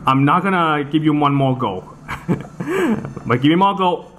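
A man giving casual let's-play commentary over a soccer video game, excitable and quick to swear and groan at the game. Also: on the high side, slight background noise. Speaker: gameplay commentator.

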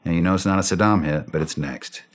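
A low-voiced, fast-talking middle-aged man who served in special operations recounts a war story for a podcast interview. He acts out the dialogue in a blunt, animated way.

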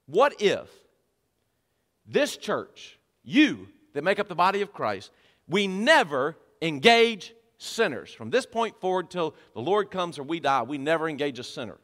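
A man preaching a sermon as pastor of a church, swinging between loud emphatic lines and quiet low drops. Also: sing-song, moderate pace. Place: church sanctuary. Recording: long reverb of a church hall.

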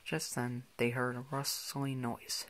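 Man, reading a children's storybook aloud, plain narration, middle pitch, small slips. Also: level tone, takes it slowly, fairly bright tone. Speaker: reader.

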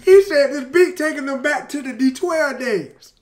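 A man's voice: extremely high pitch, moderate pace. A young man hosting a music reaction video, talking in hyped, slangy bursts and exclamations. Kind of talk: excited music reaction chat. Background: loud hip hop track playing.

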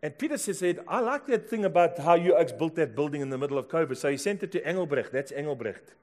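South African pastor preaching a sermon. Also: male voice, fairly high pitch, lively intonation, fast. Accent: South African English. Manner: storytelling, swinging from hushed to loud exclamations. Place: church.

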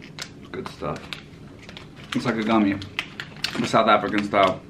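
A man's voice: fairly low pitch, level tone, normal speed. An American man making dry, joking short remarks in casual chat. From United States. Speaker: boyfriend trying snacks. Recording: distant mic with background hiss.

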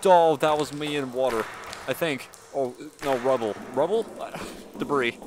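A man's voice: mid-range voice, unhurried, noisy background. Jittery young man narrating a horror game. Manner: chatty, nervous, talks to himself while playing. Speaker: gaming YouTuber. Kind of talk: casual horror game commentary. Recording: game music behind voice.

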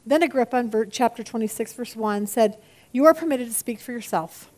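Animated high-voiced woman teaching Bible study. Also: a little fast. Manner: animated, chatty, acts out quoted voices.

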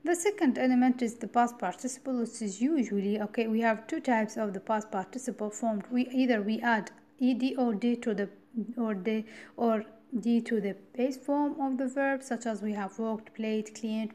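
In this recorded classroom lecture, an Iraqi woman teaches university grammar with a fairly high, dark-toned voice at normal speed. She works through it step by step, restating key points and posing rhetorical "what?" questions.

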